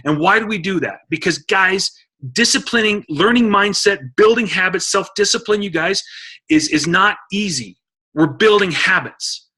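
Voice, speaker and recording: A middle-aged man giving an energetic coaching talk to a sales team on a conference call, urging listeners he calls guys. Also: high voice, moderate pace. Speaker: motivational speaker on a team call. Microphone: phone or computer mic on a conference call.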